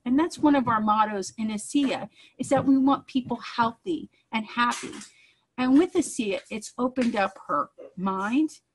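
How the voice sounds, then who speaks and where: A woman's voice: a little high, slight background noise, low-quality recording. A woman, a mother, giving an earnest personal testimonial in a conversational storytelling way. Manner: earnest, acts out quoted dialogue.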